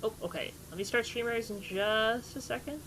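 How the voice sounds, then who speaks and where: A woman's voice: on the high side, moderate pace, fairly bright tone, a little hiss or hum. A woman in her twenties, a streamer chatting casually with her live chat, talking about herself and greeting viewers.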